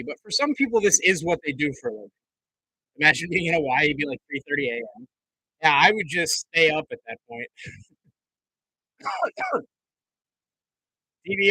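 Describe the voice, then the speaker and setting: A man's voice: on the high side, bright, forceful tone, no echo, rough recording. A young man doing live play-by-play commentary on a stream, chatting casually with viewers between plays. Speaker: livestream commentator.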